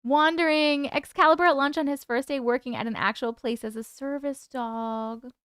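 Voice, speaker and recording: A woman's voice: high-pitched, normal speed, fairly bright tone, no echo, studio quality. A woman from the UK hosting a live stream at home, chatting casually and answering viewer comments as they come in. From United Kingdom.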